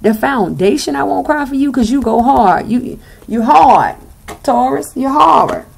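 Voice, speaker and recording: A woman's voice: high voice, expressive, unhurried, gravelly, slightly rough. A young woman with a Southern US accent giving a blunt, sassy tarot reading and swearing freely. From Southern United States. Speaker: tarot reader.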